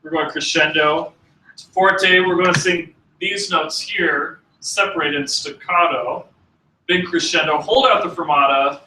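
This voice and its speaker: A man's voice: a little high, sharp tone, echoey room, far from the mic, a little hiss or hum, low-quality recording. A man teaching a music class to students, talking casually with fillers and false starts. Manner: casual, halting, with many fillers. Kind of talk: classroom demonstration.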